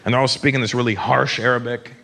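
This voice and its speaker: A man's voice: mid-range voice, fairly even intonation, quick pace, vocal fry. A man in middle age performing brash live stand-up comedy on a stage mic in a large venue. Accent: Canadian. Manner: brash, puts on loud shouted voices. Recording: live venue with crowd noise. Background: audience laughter.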